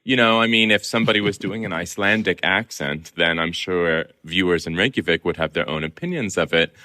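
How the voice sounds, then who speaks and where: A man's voice: sits low, a little fast, bright, forceful tone. A man from Southern California, a guest film columnist giving articulate, opinionated answers in a podcast interview. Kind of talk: conversational interview.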